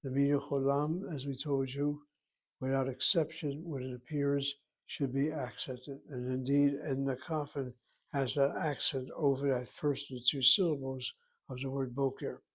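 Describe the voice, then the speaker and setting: A man teaching a Hebrew lesson, explaining slowly and carefully and sounding out words. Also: mid-range voice, steady tone, slightly rough. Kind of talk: slow classroom lesson.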